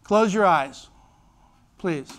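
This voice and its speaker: Male pastor, high voice, lively sermon delivery with acted-out voices. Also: very slow. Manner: animated storytelling, acts out voices. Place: church.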